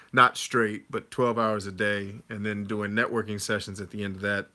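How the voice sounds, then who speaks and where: A man in his thirties talks through a casual livestream, reading viewer comments and answering them in an easygoing, conversational way. His voice sits a little low but has a bright, forceful edge. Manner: conversational, reads chat comments aloud and answers. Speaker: livestream host answering chat.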